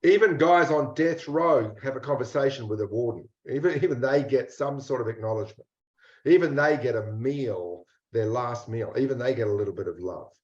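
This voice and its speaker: A man working as a mindset coach, leading a slow, intimate guided reflection with repeated phrases and some blunt words. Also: medium pitch. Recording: roomy dull lo-fi recording.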